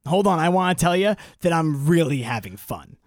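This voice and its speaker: A man co-hosting a casual podcast, talking in an animated way and slipping into silly high impressions. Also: brisk, dry recording, studio quality. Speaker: podcast co-host. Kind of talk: casual chat.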